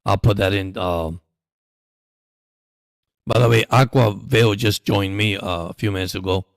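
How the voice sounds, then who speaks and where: Chatty low-voiced man streaming sports. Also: steady tone, creaky, dry recording, studio quality. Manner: chatty, rambling, quick to laugh. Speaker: live-stream sports host. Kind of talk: casual live-stream chat with play-by-play.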